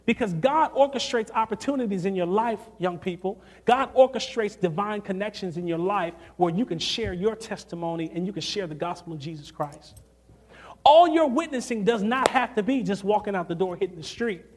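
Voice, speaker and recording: Male youth preacher, higher voice, animated storytelling sermon, swings from loud to hushed. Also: moderate pace.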